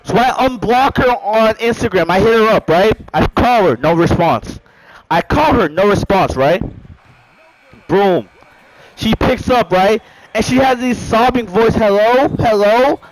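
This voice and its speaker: A man telling a story in a casual storytime monologue. He is animated and profane, and keeps saying "bro" and "right?". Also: high voice, measured pace, dry recording, rough recording. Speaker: storyteller vlogger.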